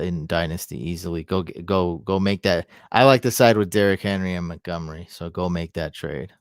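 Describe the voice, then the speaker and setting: A man's voice: low voice, darkish tone, dry recording, clean studio sound. A man giving casual fantasy football advice on a live stream, thinking aloud and answering questions from the chat.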